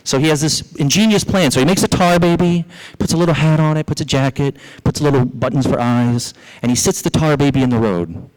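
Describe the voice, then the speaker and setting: A male pastor with a Southern US accent preaching a sermon, telling a story in an animated way and speaking directly to the congregation. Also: on the high side, brisk, few pauses, rough recording.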